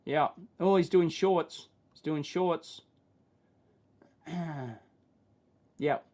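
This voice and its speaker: A man with an Australian accent and a nasal, whiny voice, hosting a casual livestream chat, rambling and self-deprecating, often tagging sentences with "right?" and clearing his throat. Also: a little high, steady tone, drawn-out words, a little mellow. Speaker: livestream host.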